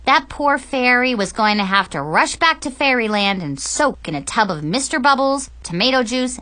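Reading a funny first-person tale aloud as an audiobook narrator, this young woman keeps her delivery lively and playful. Her voice sits a little high.

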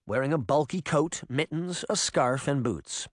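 A man reading an audiobook in expressive storytelling narration. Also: on the high side, a little slow, dry recording, clean studio sound. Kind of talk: scripted narration.

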